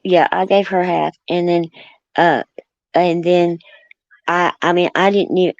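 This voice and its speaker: A woman's voice: fairly low pitch, steady tone, a little slow, no echo, highs cut off. A woman from Oklahoma with a country accent, chatting casually as a guest and rambling through many fillers and restarts. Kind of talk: casual chat.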